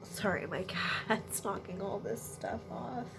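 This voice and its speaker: A woman giving a spiritual energy reading to viewers at home, speaking in a halting way with sighs and apologetic asides. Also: mid-range voice, creaky. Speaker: intuitive energy reader. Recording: noisy background ambience.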